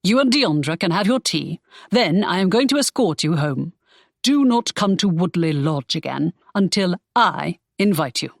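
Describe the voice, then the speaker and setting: A woman's voice: fairly low pitch, animated, moderate pace, creaky, no room sound, clean studio sound. A woman reading an audiobook, voicing a brusque, scolding young man. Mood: stern. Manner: curt and scolding. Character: stern, brusque young man, a secretive pirate. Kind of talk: audiobook character voice.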